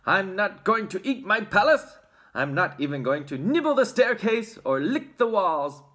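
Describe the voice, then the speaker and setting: A reader voicing a shouting, stubborn spoiled prince. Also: medium pitch, very animated, a little slow. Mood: indignant. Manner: shouting, indignant.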